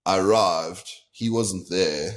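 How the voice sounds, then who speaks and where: A young man with a very low voice tells a long personal story in a casual, candid way. He slips into the quoted voices of the people he met. He is a guest talking with a podcast host. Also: slow pace. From South Africa.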